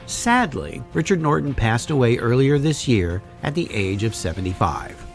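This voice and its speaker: This is a man narrating his own podcast with a wry, chatty delivery. His pitch moves around in an animated way. Soft music plays quietly behind him. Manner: wry, conversational, puts on a deep trailer voice at times. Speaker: podcast host.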